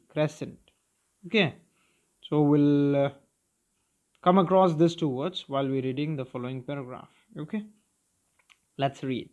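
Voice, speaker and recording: A man, teaching a children's lesson, who keeps asking "okay?" and "clear?". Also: a little high, moderate pace, pauses often, a little mellow. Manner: repetitive, checking understanding with "clear?" and "okay?". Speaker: English teacher. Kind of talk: recorded primary school lesson.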